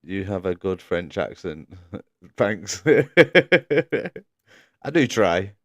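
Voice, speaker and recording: A man's voice: low-pitched, very animated, extremely slow, no room sound, studio quality. A man commentating a sim racing league live stream, chatting casually, laughing often and reading out viewers' messages.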